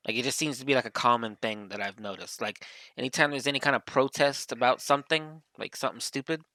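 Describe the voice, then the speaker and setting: A man's voice: mid-range voice, fast talker, pushed and bright, no room sound. A man co-hosting a casual podcast chat, offering brief, dry remarks. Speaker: podcast co-host.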